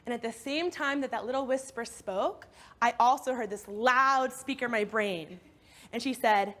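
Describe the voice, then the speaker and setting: A woman giving a motivational talk, telling a personal story in an expressive, animated way. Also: a little high, moderate pace. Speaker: speaker.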